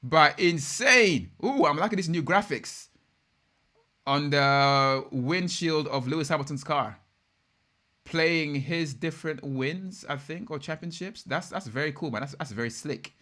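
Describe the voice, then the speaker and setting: A young man hosts a live watch-along of a race and reacts in an excitable, slangy way. His voice is bright and forward and sits a little high, and he keeps chatting straight to his viewers between reactions. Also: measured pace. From United Kingdom. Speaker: live stream host.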